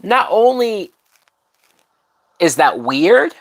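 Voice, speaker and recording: A man's voice: sits high, big pitch swings, drawn-out words, fairly bright tone. A drunk man hosting a livestream, giving casual movie commentary in a rambling, profane way that trails off mid-thought. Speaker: livestream host.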